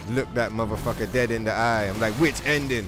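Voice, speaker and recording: A man's voice: lowish voice, level tone, fast. A man hosting a game livestream, riffing in casual, profane, mocking commentary. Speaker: livestream host. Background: music.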